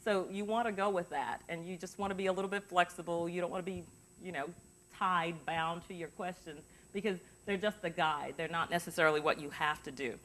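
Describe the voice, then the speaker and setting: A middle-aged woman, a journalist, teaching an interview workshop to students through a lapel mic, chatty and lively, drawing the room in with questions. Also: lowish voice, fairly quick. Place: university forum hall. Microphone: lavalier.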